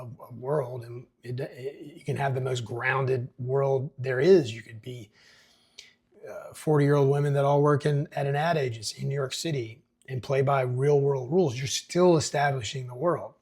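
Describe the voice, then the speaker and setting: A man's voice: medium pitch, darkish tone, slightly rough. A man hosting a casual screenplay breakdown, talking in a chatty, rambling way. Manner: chatty, rambling with fillers and restarts. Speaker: screenwriting podcast host.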